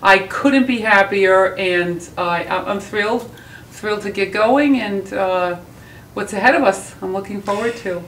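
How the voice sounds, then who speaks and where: A woman's voice: mid-range voice, a little slow, fairly bright tone. A woman with a Long Island accent, a guest on a studio talk show, talking in an enthusiastic, gushing way. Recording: voice from a distance off-mic.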